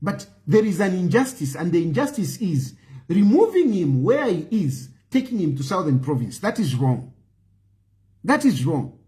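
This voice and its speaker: A man's voice: sits high, big pitch swings, moderate pace, dark tone. A man with a Zambian accent making an impassioned, pleading appeal to viewers as a political commentator, often repeating phrases for emphasis. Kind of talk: impassioned appeal to an online audience.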